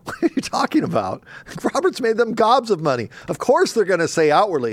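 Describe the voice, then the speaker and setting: A man's voice: sits high, brisk, a little hiss or hum. A middle-aged man hosting a sports talk show, riffing casually with laughs and mocking voices. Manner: animated, laughing, mock voices for emphasis. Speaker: sports radio host.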